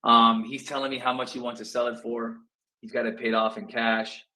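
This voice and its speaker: A man coaching real estate students in a casual talk, acting out phone calls in quick asides. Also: mid-range voice, level tone, pushed and bright, poor audio.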